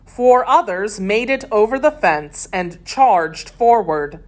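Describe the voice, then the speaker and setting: Woman narrator for a kids' adventure read-aloud; slow, steady, expressive. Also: medium pitch. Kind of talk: reading a children's story aloud.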